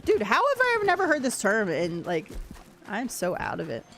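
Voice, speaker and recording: A woman's voice: a little high, huge pitch swings, brisk, fairly bright tone, a little hiss or hum. An American woman chatting casually on a game livestream, reacting to chat and to what happens in play. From United States. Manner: chatty, reacts to chat and gameplay as she plays. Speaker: game streamer.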